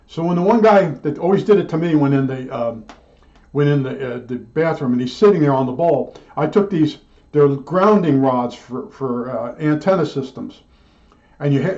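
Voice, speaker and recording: A man's voice: on the high side, a little mellow, dull audio. Rambling older man telling a story. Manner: chatty, digressive, many restarts and asides. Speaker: storyteller recalling old work days. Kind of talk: rambling personal anecdote.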